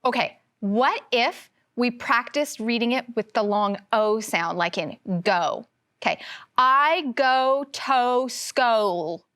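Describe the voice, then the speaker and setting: A woman teaching a first grade phonics lesson, slowly sounding out words for young children. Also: on the high side, fairly bright tone. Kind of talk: televised classroom phonics lesson.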